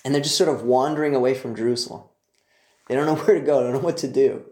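A man's voice: mid-range voice, steady tone, quick pace, darkish tone. A man teaching a Bible passage in a casual, enthusiastic way, full of joking asides. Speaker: preacher. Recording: roomy echo.

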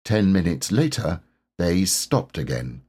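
Male audiobook narrator, low husky voice, lively gentle telling. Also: slow. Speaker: audiobook reader. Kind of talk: scripted storybook narration.

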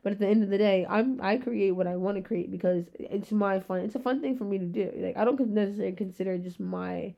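A young woman in her twenties hosting a solo podcast, rambling in very fast casual chat with a rough-sounding voice. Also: mid-range voice, dull audio. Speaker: podcast host.

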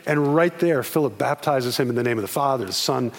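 A male pastor delivering a sermon, telling the story with animated quoted voices. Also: fairly high pitch, a little fast, few pauses, a little hiss or hum.

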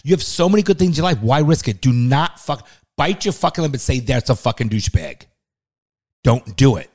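Man, podcast co-host, fast speech, blunt, stern, swears a lot. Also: a little high, animated, darkish tone. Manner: blunt, lecturing, heavy swearing. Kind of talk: casual podcast chat.

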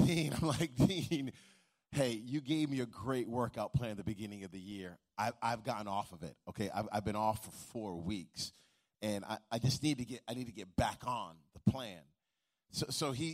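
A middle-aged man delivering a sermon. He tells a story with humor and stumbling restarts, then swells into a rhythmic, preacher's cadence. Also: medium pitch. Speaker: pastor.

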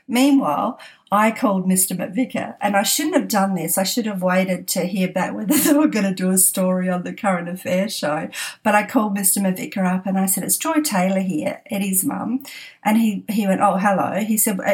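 A middle-aged woman telling a family anecdote on a podcast, laughing often and acting out the quotes. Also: mid-range voice. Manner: laughs often while telling, animated quoting. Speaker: podcast storyteller. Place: at home desk.

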